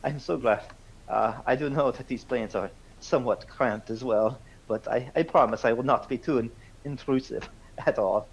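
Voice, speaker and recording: A man voicing a stiff, formal male Austrian colonel with a put-on Austrian-German accent and halting, overly polite English. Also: medium pitch, creaky, slightly rough, dull audio, voice pushed up.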